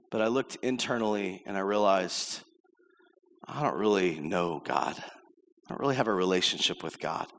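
A middle-aged male pastor preaching a sermon in a conversational way, acting out quoted lines as he tells a story. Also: fairly low pitch. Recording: long hall reverb.

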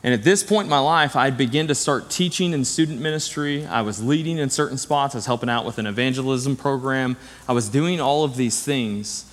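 A man's voice: medium pitch, a little fast, hardly any pauses. A middle-aged man preaching a conversational sermon to his church, earnest and direct, weaving in personal stories. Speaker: pastor. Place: church sanctuary. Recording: long church hall reverb.

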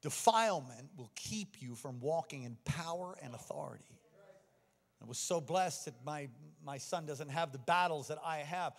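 A middle-aged man preaching a sermon, telling personal stories and moving from hushed confession to stirring exhortation. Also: fairly high pitch. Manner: personal storytelling that swings from quiet to exhorting. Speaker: pastor. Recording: long reverb of a large hall.

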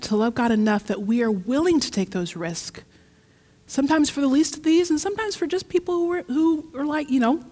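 A woman preaching a sermon in a church, telling a story in a lively, heartfelt way. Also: a little high. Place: church sanctuary. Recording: long church reverb.

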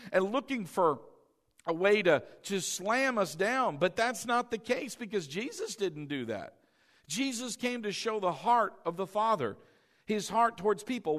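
A male pastor preaching a sermon, asking the congregation questions and calling for responses, moving between loud cries and soft, tender passages. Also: sits high.

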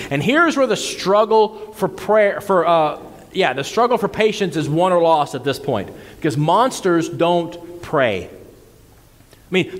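Earnest preaching man in a reverberant hall. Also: fairly high pitch. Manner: earnest, conversational preaching with repeated words. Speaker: pastor. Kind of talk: sermon.

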